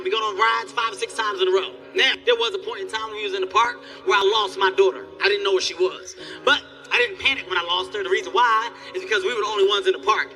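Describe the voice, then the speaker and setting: A man doing stand-up comedy on a live stage, telling stories in an animated, profane way. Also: sits high. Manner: animated, loud storytelling with profanity.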